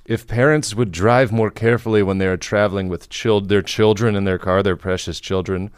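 A man's voice: lowish voice, fairly even intonation, fairly quick, clean tone, no room sound, clean studio sound. A man co-hosting a comedy podcast, reading out a news story and riffing on it with laughs and casual swearing. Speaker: podcast co-host.

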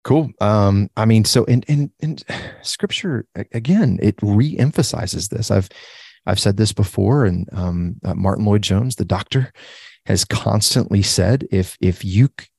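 A man co-hosting a casual Bible study discussion, enthusiastic and animated, often repeating his agreement. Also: fairly low pitch, unhurried, gravelly, breathy edge, dry recording, studio quality.

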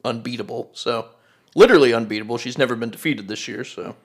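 A man's voice: medium pitch, quick pace. A man co-hosting a casual sports podcast in an easygoing, laid-back way. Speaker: podcast co-host.

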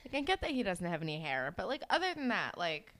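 A young woman co-hosting a podcast, reacting to a TV episode in casual chat with an expressive, venting manner. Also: lowish voice, dry recording. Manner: expressive, reactive, quick to swear and vent. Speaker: podcast co-host.

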